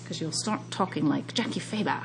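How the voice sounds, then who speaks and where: A woman's voice: sits low, a little fast, creaky, faint music behind. A woman hosting a radio chat, eagerly telling stories about the books she reads. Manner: enthusiastic, chatty storytelling.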